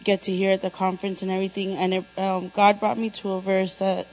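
A woman's voice: medium pitch, level tone, quick pace, darkish tone. A woman sharing a reflection at a church gathering, speaking hesitantly with fillers. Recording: dull lo-fi recording with faint mains hum.

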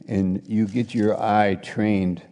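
A middle-aged man preaching a sermon, acting out little scenes and swinging between loud exclamations and quiet asides. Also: fairly low pitch. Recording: long hall reverb.

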